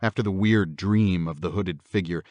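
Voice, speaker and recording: A man with a very deep, low voice reads a horror audiobook in a measured, steady way. He speaks close to the mic. The sound is dry, with no room around it. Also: dry recording. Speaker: audiobook narrator. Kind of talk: scripted horror audiobook narration.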